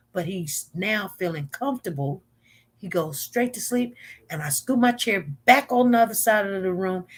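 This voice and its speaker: Chatty woman hosting a live stream. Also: fairly high pitch. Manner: chatty, emphatic storytelling with acted-out quotes. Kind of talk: casual live stream chat with viewers.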